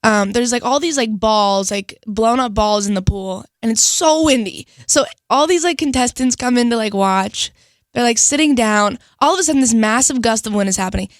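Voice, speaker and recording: A woman's voice: a little high, normal speed, no echo, clean studio sound. A young woman, a singer guest, chatting casually in a radio interview, bubbly and full of "like". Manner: bubbly, lots of "like" and laughter.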